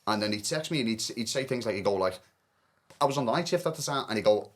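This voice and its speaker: A man with a fairly low voice speaks fast in a candid podcast chat. His telling is earnest and emotional, full of restarts as he works through a personal story. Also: animated.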